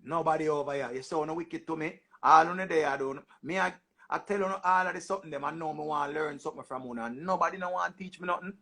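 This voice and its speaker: A young Jamaican man with a high, bright voice hosts a loose livestream chat. He talks in animated patois and repeats his words as he goes. His tone is lively and casual throughout. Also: fast talker. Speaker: livestream host.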